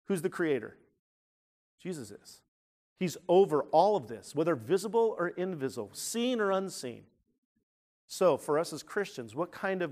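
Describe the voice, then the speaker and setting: A man preaching to his congregation in a church, his voice a touch higher than most men's. He leans hard on key words, swelling louder as he drives a point home, and often restarts his phrases mid-thought. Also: expressive, moderate pace. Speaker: pastor. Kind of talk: sermon.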